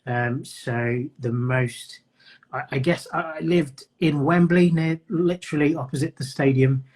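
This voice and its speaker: Husky british guy, london accent gone a bit midlands, chatty storyteller on a live video call. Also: a little high, a little slow, darkish tone. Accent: mixed English, London with Midlands traces. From North London, England. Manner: storytelling, acts out quoted voices. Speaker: podcast host. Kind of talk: casual live-stream chat.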